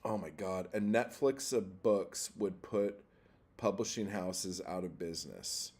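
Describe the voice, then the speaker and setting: At a measured pace, a man hosting a poetry livestream rants profanely and with exasperation. He swings between loud outbursts and low muttering.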